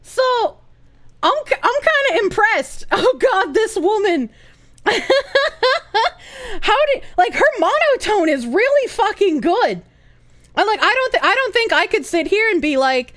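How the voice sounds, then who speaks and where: Woman streamer, very high voice, lively swings, giggly, swears a lot. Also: a little slow. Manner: giggly, swears freely, animated reactions. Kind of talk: casual stream reaction chat. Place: room with echo dampeners.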